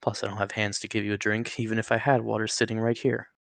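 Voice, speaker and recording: Man doing a gravelly old talking rattlesnake, friendly, joking, matter-of-fact, slightly raised pitch, storybook reading. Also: level tone, fast talker, fairly bright tone, no echo. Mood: calm.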